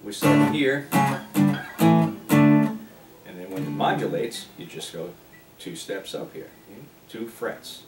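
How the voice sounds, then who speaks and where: A male guitar teacher talks slowly and unhurriedly at medium pitch with lively intonation, explaining while he plays and breaking into singing in a relaxed lesson. The mic is distant and the sound roomy, with his own guitar playing loudly.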